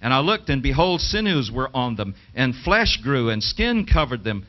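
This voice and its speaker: A middle-aged male preacher reads scripture and asks his listeners pointed questions. His voice sits at a medium pitch. The sound is dull and lo-fi, like an old TV broadcast. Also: very animated, moderate pace. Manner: emphatic, asks the audience rhetorical questions. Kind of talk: sermon with scripture reading. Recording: dull lo-fi 1980s television broadcast.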